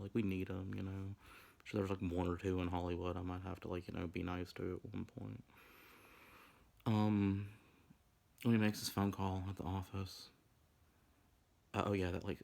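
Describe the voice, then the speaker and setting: A man's voice: deep voice, gravelly, darkish tone. A man in his twenties giving casual, rambling commentary as a vlogger, full of crude, campy, profane asides.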